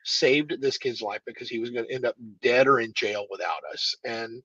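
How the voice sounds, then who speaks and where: A man's voice: mid-range voice, normal speed, breathy edge, dry recording, dull audio. A man who runs a martial arts school, telling stories as a podcast guest and acting out the dialogue. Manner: animated storyteller, acts out quoted dialogue. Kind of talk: storytelling in a podcast interview.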